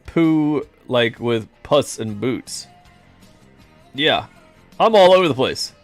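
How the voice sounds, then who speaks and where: Lively, chatty male game streamer. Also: mid-range voice, slow, no room sound, faint music behind. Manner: rambling, self-deprecating, jokey. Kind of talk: casual live-stream chat.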